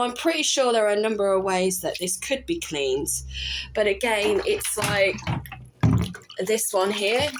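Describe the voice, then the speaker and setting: Chatty mum talking through cleaning. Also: female voice, medium pitch, a little hiss or hum. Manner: chatty, self-correcting, wry asides. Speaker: vlogger. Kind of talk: casual home cleaning vlog. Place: home bathroom.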